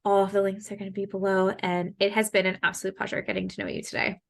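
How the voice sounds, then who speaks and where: A woman's voice: mid-range voice, flat delivery, quick pace, vocal fry. A young woman from Canada hosting a podcast interview, chatty and casual, swearing freely and laughing often. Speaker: podcast host.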